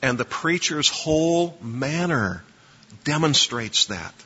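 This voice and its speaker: A man's voice: fairly high pitch, animated, takes it slowly, bright, forceful tone, breathy edge. A man lecturing a class on preaching, emphatic, quizzing listeners to fill in blanks in their notes. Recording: dull lo-fi recording with long reverb.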